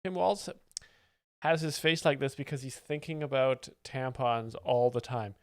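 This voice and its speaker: A man giving satirical live stream commentary on clips, rambling with deadpan mock seriousness. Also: medium pitch, measured pace, no echo, clean studio sound. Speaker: comedic streamer reacting to clips.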